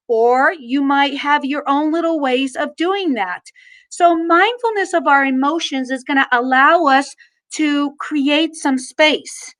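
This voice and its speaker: A middle-aged woman teaching a mindfulness lesson, gently guiding listeners through gestures and slow breaths. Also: high-pitched. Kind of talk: guided mindfulness lesson for children.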